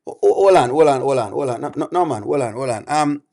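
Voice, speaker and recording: A man's voice: mid-range voice, expressive, fast talker, gravelly, dark tone. A man reacting on a live stream, exasperated and pleading with his chat, repeating himself over and over.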